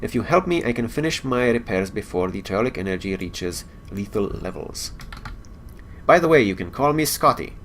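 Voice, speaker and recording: A man's voice: fairly low pitch, lively intonation, moderate pace, fairly bright tone, a little hiss or hum. A man reading out the lines of a friendly, worried male starship engineer from a game, with no accent. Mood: earnest. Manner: reads game dialogue aloud in a raised plain voice, no accent.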